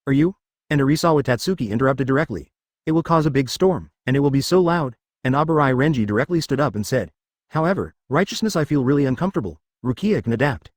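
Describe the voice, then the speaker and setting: Guy reading a web novel audiobook, steady narrator voice, pitch moves around a lot. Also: quick pace, dry recording, clean studio sound.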